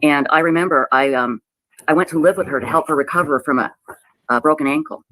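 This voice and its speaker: A woman telling a personal story in a halting, emotional way, often repeating herself and close to tears. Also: low-pitched, fairly bright tone, no room sound, poor audio. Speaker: website owner telling her story. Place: played clip of a livestream.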